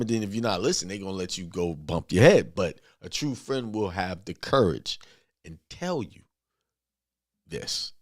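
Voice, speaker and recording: Man, informal sermon, blunt and repetitive, very lively pitch. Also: gravelly, dry recording, clean studio sound. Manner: emphatic, repetitive, talks straight and blunt. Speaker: spiritual speaker.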